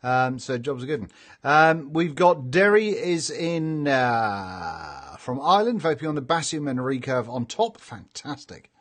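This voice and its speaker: A man's voice: medium pitch, animated, measured pace, fairly bright tone. A middle-aged man with a chatty, jokey manner, hosting a casual live stream and reading out viewer comments. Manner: chatty and jokey, laughs often.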